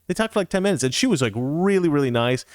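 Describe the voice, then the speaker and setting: Animated male podcast host, dry sound. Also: fairly high pitch, quick pace, dry recording. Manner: animated, acts out voices in anecdotes, laughs often. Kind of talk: casual storytelling and reading viewer comments.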